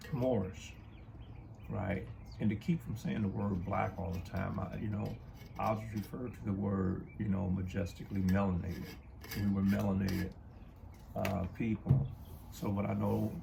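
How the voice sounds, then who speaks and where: A man talks slowly and haltingly, filling his pauses with ums as he holds up old books and pictures. His voice is heavily gravelly and sits a little low. Clear background noise runs under the talk. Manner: slow, halting, many fillers. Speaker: co-host of a history talk channel. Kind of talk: casual talk, showing books to camera.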